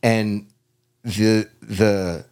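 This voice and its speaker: A man's voice: fairly low pitch, flat delivery, drawn-out words, noisy background. Rambling middle-aged man telling a crude story. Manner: rambling, crude, acts out his own reactions. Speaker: podcast guest. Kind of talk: casual comedic storytelling.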